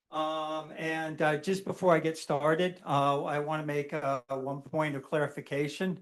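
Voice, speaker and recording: Resident guy at the podium, kinda high voice, lots of uh and um, slow careful questions for the council. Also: fairly even intonation. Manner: halting, lots of uh and um, measured questions. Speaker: resident speaking at public comment. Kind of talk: public comment at a council meeting.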